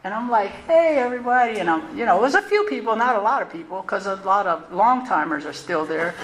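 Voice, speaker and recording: A woman's voice: medium pitch, fairly quick. Candid woman in her sixties telling her story. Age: 60s. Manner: candid, conversational, animated storytelling. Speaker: recovery meeting speaker. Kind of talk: personal recovery story. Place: meeting hall. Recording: roomy hall, faint noise.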